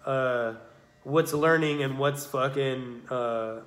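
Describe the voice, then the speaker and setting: A man's voice: medium pitch, takes it slowly. A young man co-hosting a podcast, talking casually in a rambling, profane way, full of fillers like "you know what I mean". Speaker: podcast co-host. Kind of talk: casual chat. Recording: echoey room.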